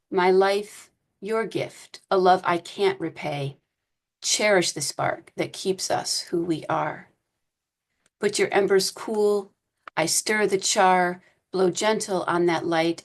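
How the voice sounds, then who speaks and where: A woman reading her own poems aloud at a poetry reading, in a slow, measured way. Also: medium pitch. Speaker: poet reading.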